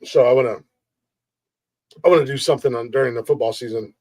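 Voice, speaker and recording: A man hosting a comedy podcast over a video call, bantering excitably and cracking crude jokes. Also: medium pitch, fast talker, no room sound. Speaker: podcast host and co-creator. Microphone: video call mic.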